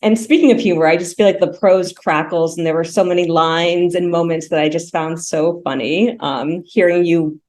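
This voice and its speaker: A woman's voice: on the low side, fairly even intonation, normal speed, hardly any pauses, a little mellow. A woman interviewing an author, asking questions and praising his book in a conversational way.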